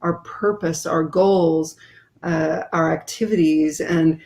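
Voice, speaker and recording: A woman's voice: low-pitched, steady tone, takes it slowly, a little mellow. A woman speaking as a guest author in an interview, explaining her ideas in an earnest way.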